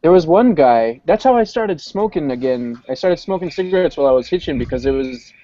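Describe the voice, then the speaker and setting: A man's voice: on the high side, expressive, a little fast, mellow. Rambling man on a lo-fi call. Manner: rambling storyteller, many fillers. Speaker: panel member. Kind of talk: casual chat. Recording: dull lo-fi online call audio.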